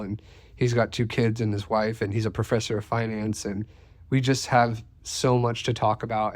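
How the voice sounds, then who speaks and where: Calm man in a dry, close recording. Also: fairly low pitch, dry recording. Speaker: podcast co-host. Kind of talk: casual conversation.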